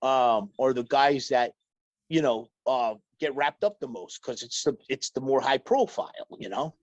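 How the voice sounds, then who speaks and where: A man's voice: medium pitch, normal speed, no room sound. A man chatting as a podcast guest, rambling with many fillers and restarts. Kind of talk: casual chat, storytelling. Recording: dull lo-fi dry audio.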